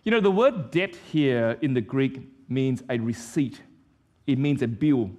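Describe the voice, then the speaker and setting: A pastor delivering an impassioned sermon, repeating declarations with rising force. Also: male voice, medium pitch, lively intonation, a little slow, darkish tone. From Vietnam.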